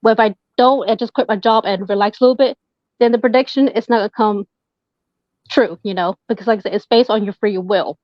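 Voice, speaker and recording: A woman tarot reader talks a little fast in her mid-range voice while guesting on a podcast, hesitant and full of fillers in a casual interview. The recording is dry, dull, and lo-fi, with no room sound.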